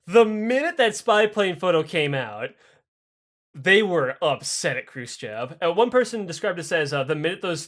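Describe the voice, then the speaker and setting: Podcast co-host, male, high and lively, swears a lot, plays out every figure in the story. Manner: animated, profane, acts out quoted figures in raised voices. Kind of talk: casual comedic history storytelling.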